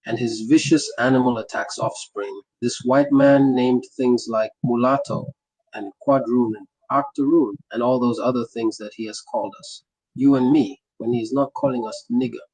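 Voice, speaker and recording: A man's voice: medium pitch, steady tone, normal speed, a little mellow, husky, dry recording, poor audio. A man narrating a memoir in the first person, breaking into impassioned sermon-style speeches with rhythmic, repeated phrases.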